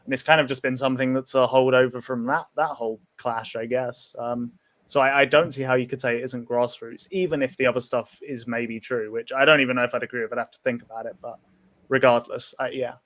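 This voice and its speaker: A man's voice: medium pitch, fairly even intonation, brisk, a bit bright. A man in a casual online debate, hesitant and filler-heavy, on a video call.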